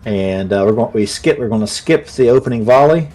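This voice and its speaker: A man running a tabletop role-playing game as game master, narrating in a relaxed, chatty way with many fillers. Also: mid-range voice, a little fast, soft background music.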